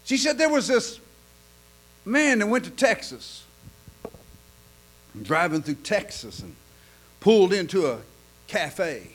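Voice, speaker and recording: A man preaching in a folksy, joke-telling sermon style, stammering and repeating himself, swinging from quiet asides to loud punchlines. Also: high-pitched, big pitch swings, slow, pauses often. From lives in Oklahoma.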